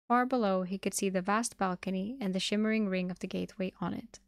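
Gravelly-voiced woman reading a novel aloud. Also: medium pitch, fast talker, dry recording, clean studio sound. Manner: steady reading with small restarts. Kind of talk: live-streamed audiobook reading.

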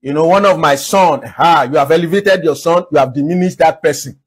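A man's voice: on the high side, a little fast, slightly rough. A man preaching a sermon, earnestly asking rhetorical questions and repeating phrases for emphasis. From Nigeria. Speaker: pastor.

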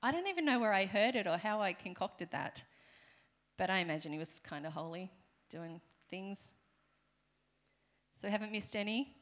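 This is an expressive, mid-range female voice at normal speed, pausing often. She's a middle-aged Australian preaching conversationally in a church hall and teasing the congregation with playful asides.

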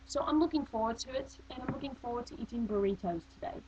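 A woman's voice: fairly high pitch, fast, warm tone. A young woman rambling on a webcam in a vague put-on accent, sounding bored. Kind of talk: casual webcam monologue. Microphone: built-in webcam mic. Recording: dull lo-fi webcam audio with faint hum.

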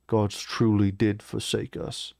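A man voicing a proud, weary male orc chieftain who speaks slowly and firmly in a fantasy reading. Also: lowish voice, monotone, creaky, a little mellow, no echo, clean studio sound. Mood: composed.

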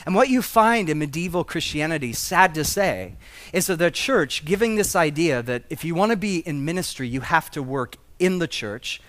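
A man's voice: fairly high pitch, animated, moderate pace, fairly bright tone. A man preaching a conversational sermon as pastor, with humorous asides and rising emphasis.

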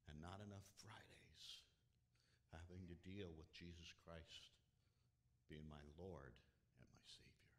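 A male pastor preaching a sermon, talking straight to the congregation and swinging from loud emphasis to hushed whispers. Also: low voice, steady tone, slow pace, vocal fry, long pauses. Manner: conversational, addresses the congregation directly.

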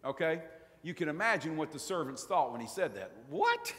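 Animated, high-voiced preacher in a church. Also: male voice, brisk. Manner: folksy, humorous storytelling. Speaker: pastor. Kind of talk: sermon. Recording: long church reverb.

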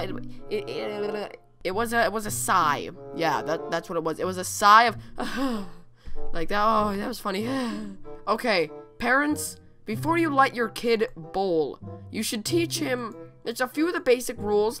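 Woman, YouTube reaction host, sharp bright tone, giggly and excitable commentary. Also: medium pitch, normal speed, faint music behind.

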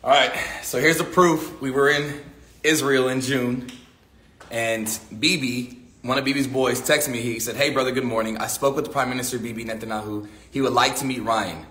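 A man's voice: medium pitch, steady tone, moderate pace, sharp tone, roomy sound. A man backing up his friend in a casual, insistent way. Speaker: companion backing up the speaker.

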